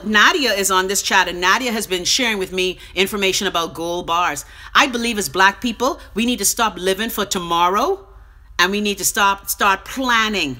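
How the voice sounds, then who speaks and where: A woman's voice: mid-range voice, sharp tone. A middle-aged Bahamian woman hosting a casual live stream. She rambles from topic to topic with salty, profane talk.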